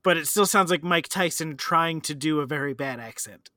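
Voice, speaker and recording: A man with a notably high, crisp, bright voice talks casually about a film. He sounds wry and incredulous. The sound is dry and close, with no room around him. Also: moderate pace, no echo. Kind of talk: casual movie chat.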